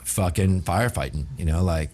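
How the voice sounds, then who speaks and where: Middle-aged male guest from New Orleans with a very low voice; casual, salty storyteller who plays out the dialogue he quotes. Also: normal speed. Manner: profane, animated, acts out quoted exchanges. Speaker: guest chef.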